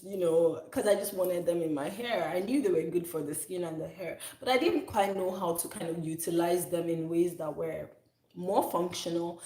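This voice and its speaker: A woman's voice: fairly low pitch, darkish tone. Chatty, rambling woman in her thirties. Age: 30s. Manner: chatty, rambling, self-correcting. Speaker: soap maker, channel host. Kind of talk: casual chat. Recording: echoey room.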